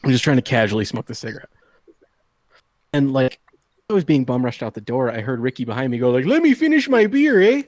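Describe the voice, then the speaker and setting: A man's voice: mid-range voice, steady tone, fast, pauses often, darkish tone, dry recording. A man in his thirties telling a long story to friends in a casual chat, laughing often and acting out the people he quotes. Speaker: podcast host.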